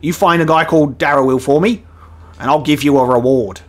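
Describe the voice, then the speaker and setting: A man putting on a brash, rough, exaggerated voice for a knight character. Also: a little high, a little fast, soft background music, close to an everyday voice. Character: rough blokey male knight, brash and loud.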